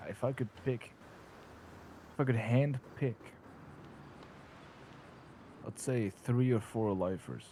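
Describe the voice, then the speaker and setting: A man talking in character during a role-play game, casual and profane, with halting restarts. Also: mid-range voice, dark tone, slight background noise.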